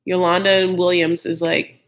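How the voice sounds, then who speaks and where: A man's voice: sits high, level tone, normal speed, a bit bright. A man hosting a live chat recap of a reality show, gossipy and blunt, with frequent "like" and mocking impressions of the cast.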